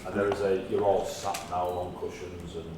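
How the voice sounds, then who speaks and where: A man narrating a tabletop game as game master, relaxed and rambling with ums. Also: deep voice, moderate pace. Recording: echoey room, mic far off, noisy.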